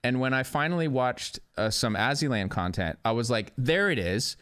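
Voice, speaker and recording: An interviewee in a clip, speaking in a wry, unhurried way about online voices. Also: medium pitch, lively intonation, fairly bright tone, smooth. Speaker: interviewed commentator.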